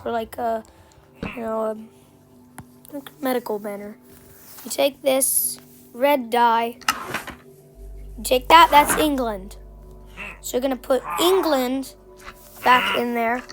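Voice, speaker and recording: A woman talks through a game tutorial in a playful, self-joking way, often trailing off with fillers. Her pace is slow and unhurried and her voice sits fairly high. Music plays behind her. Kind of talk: casual gameplay tutorial commentary.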